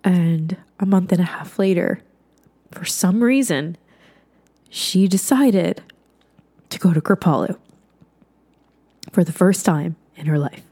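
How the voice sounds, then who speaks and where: Woman, warm mellow tone, earnest, conversational, slips into whispers, personal storytelling. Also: lowish voice, slow pace, pauses often. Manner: earnest, drops to a whisper for emphasis; conversational, many "like" fillers.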